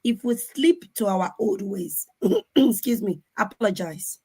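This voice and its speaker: A woman's voice: mid-range voice, unhurried, husky. A woman in her forties, speaking earnestly on a video call about her own parenting and acting out the lines of others. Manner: earnest, animated, acts out quotes. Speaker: conference speaker. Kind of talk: sharing personal parenting story.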